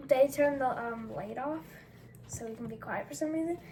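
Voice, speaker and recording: A woman's voice: high voice, moderate pace, mellow, slight background noise. The vlogger's young daughter, hesitantly telling a story from her day with many fillers. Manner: hesitant, lots of um and like. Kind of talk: casual family chat.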